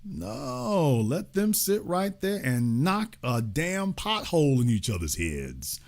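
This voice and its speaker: Animated sarcastic male commentary host. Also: takes it slowly. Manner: emphatic, sarcastic, taunting, swings between loud outbursts and low asides. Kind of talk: heated political monologue.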